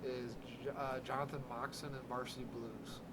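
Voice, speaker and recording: A man hosting a podcast in casual chat, excitable, with stumbling restarts and frequent laughter. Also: mid-range voice, normal speed, heavy background noise. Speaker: podcast host.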